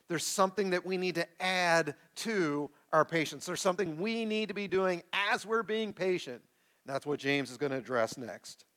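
A man in his forties delivers a sermon from the pulpit, his voice bright and a touch higher than most men's. He reads scripture and works the congregation with call-and-response, getting lively as he goes. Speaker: pastor. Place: church sanctuary with a live congregation.

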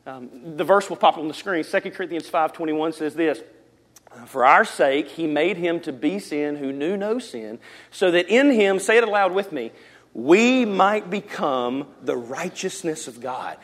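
A male pastor delivers a sermon in a church. His voice sits high and leaps all over its range. He swings between loud, emphatic lines and near-whispered ones. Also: lively intonation, unhurried. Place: church sanctuary.

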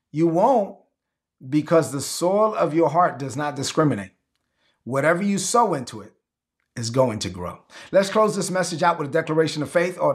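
A man's voice: fairly high pitch, fairly bright tone. A man preaching a sermon to an online audience, emphatic and repetitive, leading the listeners in call-and-response declarations. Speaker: pastor.

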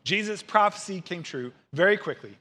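A man in his thirties preaching a sermon, earnest and expressive, acting out quotes along the way. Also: high voice, moderate pace. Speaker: pastor.

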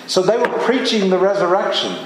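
A man's voice: high voice, fairly quick, slight background noise. A man preaching a sermon as a pastor, earnest and emphatic, often rising into exclamations. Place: church sanctuary. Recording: echoey hall from far off.

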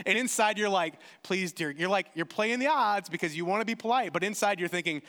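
A man preaches with a high, animated voice that leaps up and down as he acts out little exchanges. His delivery is lively and expressive. The sound carries the long reverb of a large hall. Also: quick pace, few pauses. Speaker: pastor. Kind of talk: sermon.

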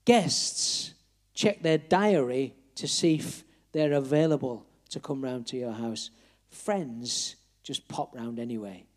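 A man's voice: fairly high pitch, a little mellow. A man preaching an evangelistic sermon, earnestly appealing straight to his listeners.

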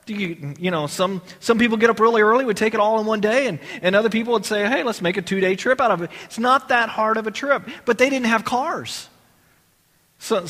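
A man's voice: high voice, pushed and bright, in a large hall. A man teaching an informal Bible class in a conversational way, asking his listeners questions and often restarting his sentences. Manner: conversational, asks the audience questions, many restarts.

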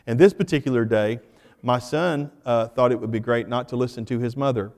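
A man's voice: medium pitch, a little fast, a little mellow. Male pastor, mid-range voice, casual storytelling sermon, long church reverb. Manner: conversational, joking storyteller addressing the congregation.

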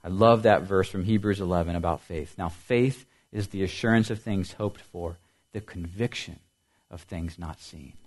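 A man preaching a sermon as pastor, building to loud emphasis and dropping to soft, quiet lines, often repeating and asking questions. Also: fairly low pitch. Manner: dynamic preaching, swings from loud emphasis to soft near-whispers.

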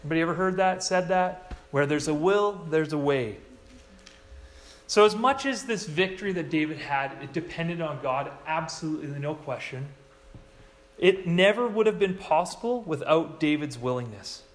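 A man preaching a sermon in a church, telling stories with lively voices for the quoted lines. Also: moderate pace. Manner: animated storytelling, acts out quoted lines in a higher voice. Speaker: pastor.

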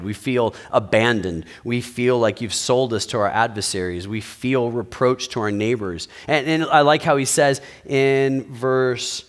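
A pastor giving a sermon, speaking in a conversational way and asking his listeners rhetorical questions. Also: lowish voice.

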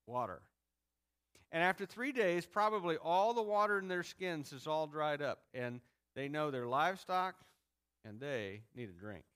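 A man's voice: a little high, a bit bright, smooth. A man preaching a sermon in a conversational way, acting out the people he talks about. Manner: conversational preaching, acts out grumbling crowds. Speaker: pastor.

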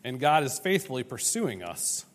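A man preaching a sermon in an animated, conversational way, often tagging lines with "right?" and acting out voices. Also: mid-range voice, normal speed, big-room sound. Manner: animated, conversational, acts out dialogue.

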